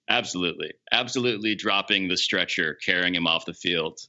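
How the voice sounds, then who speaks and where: A man co-hosting a comedy podcast, commenting on a movie with quick animated asides. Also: low voice. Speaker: podcast co-host. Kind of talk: casual comedic chat. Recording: dull lo-fi audio.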